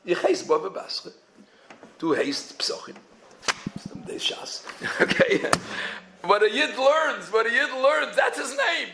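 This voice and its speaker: Gravelly rabbi with a lilt. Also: male voice, very high voice, very animated, slow, long pauses, pushed and bright, a little hiss or hum, rough recording. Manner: mixes Yiddish and Hebrew terms into English, chanting phrases with a tune. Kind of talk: Torah talk.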